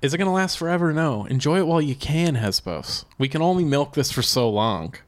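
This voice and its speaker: A man's voice: fairly high pitch, lively intonation, fairly quick. A man co-hosting a comedy podcast, introducing a game segment in a playful, upbeat way. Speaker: podcast co-host. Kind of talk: casual comedy podcast banter.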